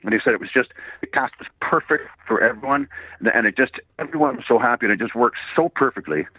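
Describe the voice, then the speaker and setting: A slightly hoarse man, born in Ireland and raised in Canada, telling stories as an interview guest, laughing often and swearing casually. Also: medium pitch, quick pace, dry recording. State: a bit hoarse. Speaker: voice actor and singer guest. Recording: dry tinny phone-like line.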